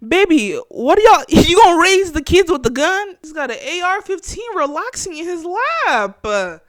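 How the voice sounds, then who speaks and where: A young woman hosts her own casual chat show, reacting to clips in an animated, slangy way. She laughs often and talks to her viewers directly. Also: extremely high pitch, normal speed, no room sound, clean studio sound. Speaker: podcast host.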